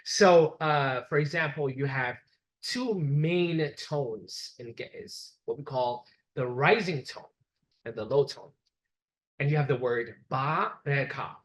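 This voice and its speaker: A man's voice: medium pitch, slow, low-quality recording. A man giving a classroom lecture, explaining step by step and repeating examples so the class can follow.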